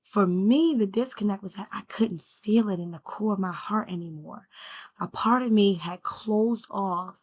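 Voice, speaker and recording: Woman, middle-pitched, personal spiritual vlog; earnest self-questioning, emotional edge, frequent "right?". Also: measured pace. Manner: heartfelt, repeats "right?", asks herself questions. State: emotional, near tears at times. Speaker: spiritual vlogger. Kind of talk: reflective personal talk to camera.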